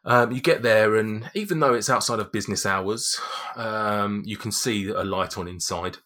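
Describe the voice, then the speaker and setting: A man's voice: lowish voice, moderate pace, bright, forceful tone. A man narrating a tabletop game as game master, rambling with restarts. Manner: rambling, lots of fillers and restarts.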